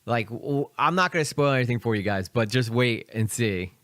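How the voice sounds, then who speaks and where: A man's voice: mid-range voice, animated, moderate pace, a bit bright, no room sound. A young man from Philadelphia with a light Philly accent, rambling casually through live reaction commentary. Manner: rambling, chatty, many fillers and asides. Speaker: streamer reacting to videos.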